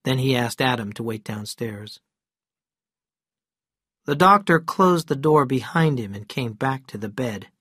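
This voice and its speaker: A reader narrating a simplified story for English learners, slow and deliberate, quieter on the narration. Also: mid-range voice, slightly rough, no room sound, studio quality.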